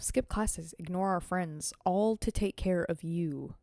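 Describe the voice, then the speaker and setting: A woman streamer reading a visual novel aloud and breaking off into animated, slangy, swearing reactions to her chat. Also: on the low side, slow pace, creaky, no room sound, clean studio sound.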